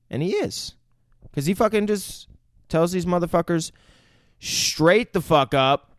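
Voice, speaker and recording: A man's voice: sits high, animated, measured pace, long pauses, dry recording, studio quality. A man co-hosting a casual movie review podcast, retelling scenes loosely, swearing freely and putting on voices for the characters. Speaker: podcast co-host.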